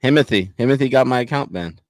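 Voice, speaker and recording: A man's voice: mid-range voice, expressive, fast talker, no room sound. A man co-hosting a live show, teasing and joking crudely in casual banter. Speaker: co-host.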